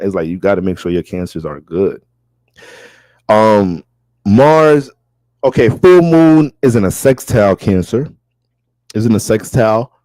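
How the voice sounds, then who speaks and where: A man with a low, mellow voice gives a casual astrology reading. He talks in a loose, profane and animated way. The sound is close and dry. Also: no echo.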